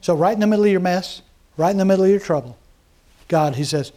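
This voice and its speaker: A man with a notably high voice preaches a sermon, talking to his congregation as if chatting. He keeps asking them questions and slips into quick voices of the people he describes. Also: fairly even intonation, dark tone. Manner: voices mockers and scripture in quick asides. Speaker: pastor.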